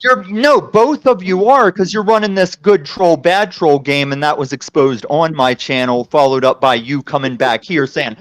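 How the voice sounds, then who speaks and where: A man in a heated online argument, combative and cutting, talking over the others. His voice sits a little high, and the recording is dry and close, with no room sound. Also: moderate pace, hardly any pauses, no room sound. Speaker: guest on a live stream panel.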